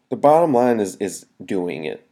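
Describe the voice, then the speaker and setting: Man, comedian podcast host, solo rant, rambling and joking, fairly low voice. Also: mellow. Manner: rambling, joking, restarts mid-sentence.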